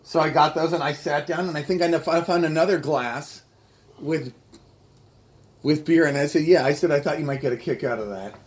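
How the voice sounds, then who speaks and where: A man chatting casually, telling a rambling story that stops and restarts often. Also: fairly high pitch. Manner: rambling, halting, self-interrupting storyteller. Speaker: comedian. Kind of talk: casual chat.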